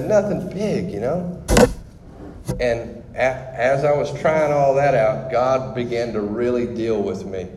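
A man's voice: medium pitch, darkish tone, roomy sound, in a large hall, a little hiss or hum, low-quality recording. A man sharing his personal testimony with a group, talking candidly and conversationally with frequent restarts.

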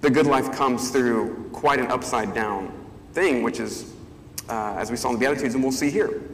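A man's voice: medium pitch, normal speed, a little hiss or hum. A male pastor giving a conversational sermon, thinking aloud with fillers and restarts. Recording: echoey hall, faint ambience.

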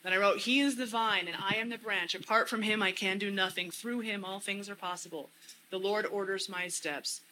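A woman's voice: medium pitch, fairly even intonation, normal speed, sharp tone, slight background noise, rough recording. A woman giving an earnest church talk, often repeating phrases for emphasis. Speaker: church speaker. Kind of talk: casual teaching talk.

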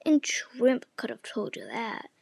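A woman's voice: a little high, huge pitch swings, unhurried, gravelly, breathy edge, no room sound, pitched below the performer's own voice, heavily acted. A woman reading the lines of a male griffin in a storybook, solemn and impatient, often half-whispered.

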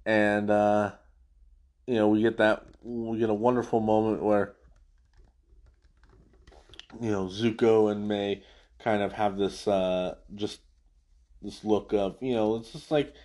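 A man's voice: fairly low pitch, fairly even intonation, slow, pauses often, a little mellow. A man hosting a casual after-show, recapping an episode as an enthusiastic fan who rambles through the plot. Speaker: podcast host.

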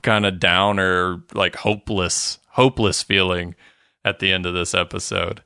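A man with a lowish, bright and crisp voice talks through a show recap as a podcast co-host. His delivery is loose and conversational, full of "like" and offhand swearing. The sound is dry and close. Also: little pitch movement, normal speed, no room sound. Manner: laid-back, swears casually, frequent fillers. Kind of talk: casual recap chat.

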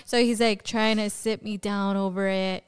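Smooth-voiced young woman telling her story. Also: medium pitch, moderate pace. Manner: animated storyteller who acts out quoted dialogue and fills with "like". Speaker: podcast guest. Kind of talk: personal testimony in a conversational interview.

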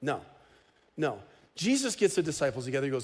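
A man preaching a sermon as pastor, conversational and animated, with casual humor. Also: mid-range voice, fairly quick, breathy edge.

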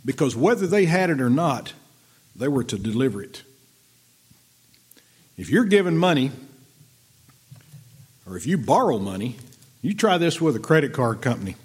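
A man's voice: mid-range voice, very animated, normal speed, long pauses, breathy edge. A middle-aged man preaching a folksy, conversational sermon and reading verses aloud. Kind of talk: sermon teaching from scripture.

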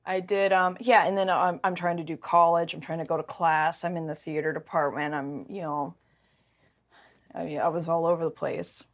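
A woman with a low-pitched voice tells a personal story in casual conversation at normal speed. She's emotional and animated, often stumbling and restarting her sentences.

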